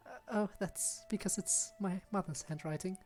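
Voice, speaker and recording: A man voicing a shy, bookish young woman from a visual novel, soft, hesitant and polite. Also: high-pitched, moderate pace, soft background music, pitched above the performer's own voice, lightly acted. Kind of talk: reading visual novel lines aloud.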